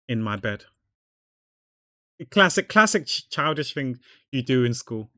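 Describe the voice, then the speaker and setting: A man's voice: mid-range voice, pushed and bright, dry recording, studio quality. Chatty man on a stream. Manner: chatty, rambling, jokey. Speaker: art streamer. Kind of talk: casual livestream chat while drawing.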